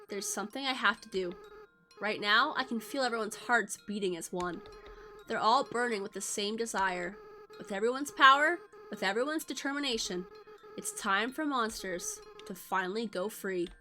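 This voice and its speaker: A soft, halting young goat-monster boy, full of remorse and tenderness, as a woman reads his game lines aloud. The voice sits fairly high and sounds bright. Gentle game music runs faintly underneath. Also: expressive. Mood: remorseful. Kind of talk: reading game dialogue aloud.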